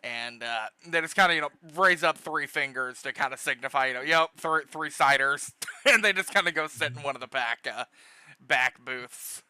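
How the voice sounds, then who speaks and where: A man narrating as dungeon master, often laughing and halting with many restarts. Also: medium pitch, animated, pushed and bright, clear, resonant tone, dry recording. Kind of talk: narrating a tabletop game.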